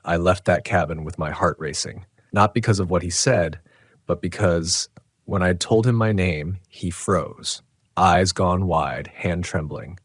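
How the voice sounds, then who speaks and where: Deep-voiced man narrating a horror story. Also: breathy edge, no room sound, studio quality. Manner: measured, tense storytelling.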